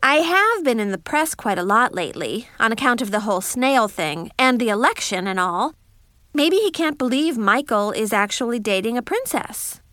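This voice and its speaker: A woman's voice: fairly high pitch, very animated, moderate pace, sharp tone, no echo. Wry woman narrating a diary-style story. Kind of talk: first-person audiobook narration.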